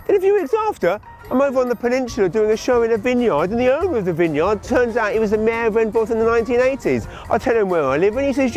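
A man's voice: extremely high pitch, sing-song, fast talker, hardly any pauses, soft background music. An English man doing a sarcastic, exasperated comic monologue as a comedian. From England.

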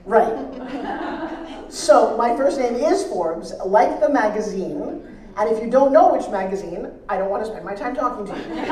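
A woman's voice: fairly high pitch, measured pace, long pauses. Woman speaker on stage, roomy and distant. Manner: energetic, joking, audience-engaging. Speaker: motivational speaker teaching pitching. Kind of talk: live seminar speech to an audience. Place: large event hall on stage. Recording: roomy hall sound from a distance.

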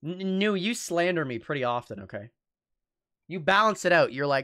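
Excitable young male game streamer, bright voice. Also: fairly high pitch, normal speed. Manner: excitable, swearing, jokey reactions. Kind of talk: live gameplay commentary.

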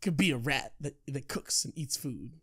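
A man's voice: mid-range voice, expressive, moderate pace, sharp tone, slightly rough. A young man hosting a casual podcast chat, joking around and laughing often. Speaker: podcast host.

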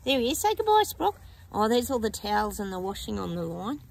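A woman's voice: mid-range voice, fast, gravelly, slight background noise. A woman chatting casually to her viewers in a rambling way, filming on a handheld phone outdoors in her backyard. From Australia. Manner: chatty and rambling, breaks into snippets of song. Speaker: psychic vlogger.

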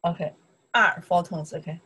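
A woman's voice: lowish voice, normal speed, bright, forceful tone, slightly rough, low-quality recording. A woman with a Chinese accent teaching her native language in English, saying "okay" again and again as she explains. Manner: repeats okay often, non-native English grammar. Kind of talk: casual online language lesson.

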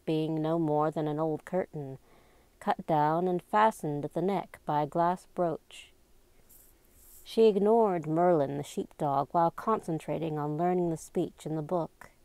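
A woman reading a novel aloud in a slow, even and deliberate storybook narration. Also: fairly low pitch, clean tone, no echo. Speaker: amateur reader.

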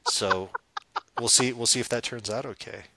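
A man hosting a live podcast, playful and teasing, with many pauses and fillers. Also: medium pitch, fairly even intonation, sharp tone, dry recording. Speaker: psychic medium podcast host. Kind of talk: casual live podcast chat.

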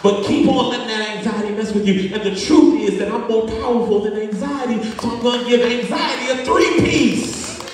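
High-voiced preacher in an echoey hall. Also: male voice, normal speed, few pauses, recorded from a distance, slight background noise. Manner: animated, conversational preaching with humor. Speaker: pastor. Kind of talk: sermon. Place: church sanctuary. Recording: echoey church hall, voice from off-mic.

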